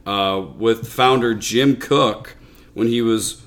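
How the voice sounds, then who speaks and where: A man's voice: medium pitch, takes it slowly, a bit bright. A man co-hosting a casual beer-tasting podcast, chatty and playful, laughing often. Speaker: podcast co-host.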